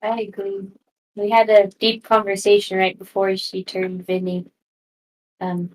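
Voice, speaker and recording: A woman playing a tabletop game, speaking softly and hesitantly in casual chat. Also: mid-range voice, rough recording. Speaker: player.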